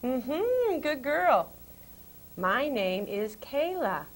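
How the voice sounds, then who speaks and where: A woman teacher with a higher voice talks very slowly to a young child. She repeats syllables in a sing-song rhythm and praises often. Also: very animated. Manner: slow, sing-song, encouraging. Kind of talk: speech therapy lesson with a child.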